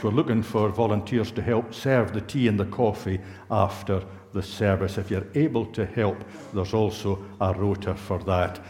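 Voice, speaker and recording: A man reading the notices in a church service in a measured, courteous way. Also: fairly low pitch, darkish tone. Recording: echoey church hall.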